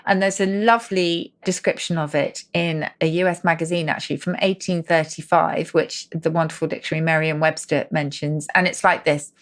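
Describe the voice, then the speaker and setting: A middle-aged woman co-hosting a casual podcast, explaining where words come from with lively asides. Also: deep voice, a little fast, hardly any pauses. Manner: animated, explains word origins with asides. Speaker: co-host.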